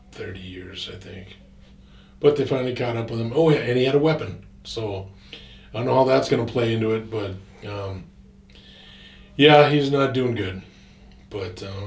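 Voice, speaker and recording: A man's voice: medium pitch, roomy sound, recorded from a distance. A man casually telling a rambling, profane personal story, full of fillers and restarts.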